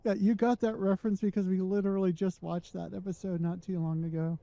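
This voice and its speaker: A woman hosting a gaming livestream, chatty and excitable as she plays. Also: medium pitch, brisk, creaky, highs cut off. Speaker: host and gamer. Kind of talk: casual livestream gaming chat.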